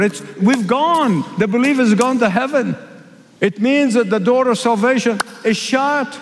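A man from the Middle East preaching a sermon, emphatic and repeating key phrases, slowing down for weight. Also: high-pitched. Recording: reverberant hall.

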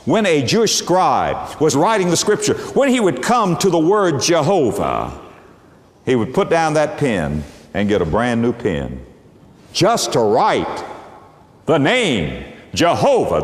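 A man preaching a sermon, dropping to hushed low tones and rising for emphasis. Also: measured pace. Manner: lively, dramatic swings from soft low tones to high emphasis. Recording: echoey hall reverb.

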